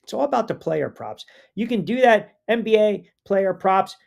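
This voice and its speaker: Sports radio host, male, gravelly edge, animated and chatty while working through listener comments. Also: normal speed. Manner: animated and conversational, rising pitch when fired up. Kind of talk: live sports talk show, reading listener comments.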